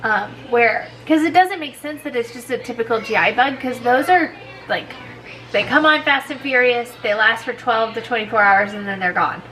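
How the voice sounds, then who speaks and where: A woman's voice: on the high side, moderate pace, bright, forceful tone, soft background music, poor audio. A sick woman with a congested voice, chatting casually and rambling through a home vlog. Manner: tired, rambling, many likes and restarts. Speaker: vlogger.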